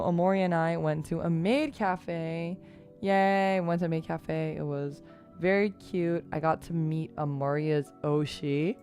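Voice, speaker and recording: A young adult woman streamer telling a story in casual chat, animated, laughing and swearing freely. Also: fairly low pitch.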